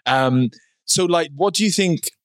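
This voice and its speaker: A man's voice: a little high, a little slow, dry recording. A man hosting a podcast, asking long rambling questions that he restarts as he goes. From Wales. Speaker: podcast host. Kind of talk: casual podcast chat.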